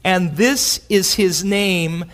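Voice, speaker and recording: A man preaching a sermon as pastor, animated, acting out quotes with big swings in his voice. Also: high-pitched, very slow. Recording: long hall reverb.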